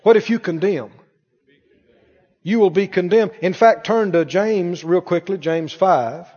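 In a church hall before his congregation, a male pastor with a high-pitched, darkish voice preaches an emphatic sermon at an unhurried pace. He fires off rhetorical questions and has the people repeat his words, captured in a dull, reverberant church recording.

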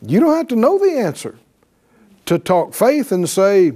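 A man preaches an emphatic sermon, often asking his listeners "right?" to draw responses, reading scripture aloud and shifting into voiced quotes. His voice sits high yet has a dark tone, sing-song and a little slow.

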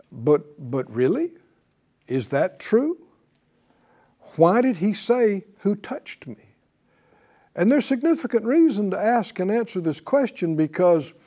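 A middle-aged male Bible teacher preaches to his class at a slow, deliberate pace, his voice sitting high and swinging widely in pitch. He stresses his points with rhetorical questions and repeats phrases for weight. His tone stays mellow and dark.

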